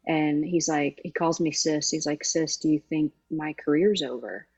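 A woman's voice: sits low, normal speed, a little mellow, breathy edge, lo-fi sound. A woman guest in an interview, telling an emotional story with emphatic, heartfelt delivery. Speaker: guest, former sideline reporter. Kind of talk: conversational interview.

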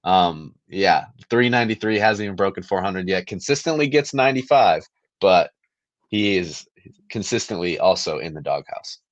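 A man's voice: low voice, expressive, normal speed, no room sound. Laid-back young man on dry, dull podcast audio. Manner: laid-back, teasing, laughs easily. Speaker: podcast co-host. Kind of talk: casual fantasy football chat.

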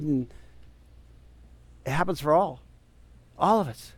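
A man's voice: a little high, moderate pace, long pauses, no room sound. A man preaching a sermon as pastor, conversational and emphatic, full of rhetorical questions.

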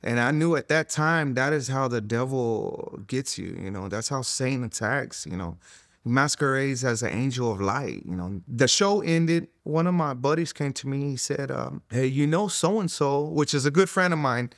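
An earnest middle-aged man recounts his story in a conversational interview. His voice sits in a middle range and sounds dry and close, with no room around it. He fills his talk with "you know" and drops almost to a hush at the moments that matter most. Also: mid-range voice, lively intonation, normal speed, no echo. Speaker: interviewee telling his testimony. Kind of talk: conversational testimony. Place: recorded interview in a studio room.

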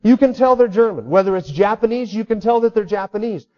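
A man's voice: high-pitched, fast talker, highs cut off. A man preaching a sermon in an emphatic way, repeating key words for stress. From United States. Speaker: pastor.

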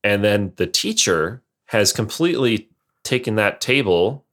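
A man's voice: fairly low pitch, animated, unhurried, a bit bright. A man co-hosting a podcast, chatting casually and enthusiastically with stumbling restarts. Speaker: podcast co-host. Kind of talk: casual chat.

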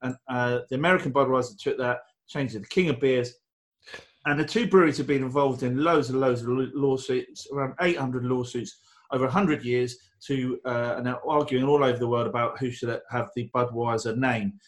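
Man, casual co-host, enthusiastic, rambling, mid-pitched voice. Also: steady tone, a little fast. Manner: rambling, enthusiastic, with frequent restarts and fillers. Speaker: podcast co-host. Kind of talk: casual beer-tasting chat.

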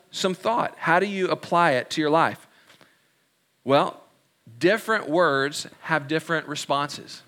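A man preaching a sermon, earnest and encouraging, slowing down to stress key words. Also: high-pitched, sharp tone. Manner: earnest, encouraging, leans on slow emphasis. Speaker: pastor.

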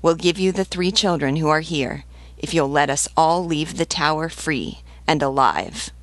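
Defiant scornful rebel man, read by a woman, slow, gravelly, dry close sound, storybook reading. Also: low-pitched, no echo.

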